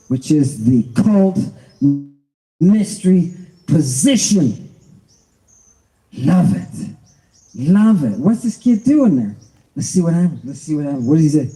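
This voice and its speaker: A man hosting an animated livestream lecture, excitable and exclamatory, with frequent joking asides. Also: a little high, poor audio. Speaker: livestream host.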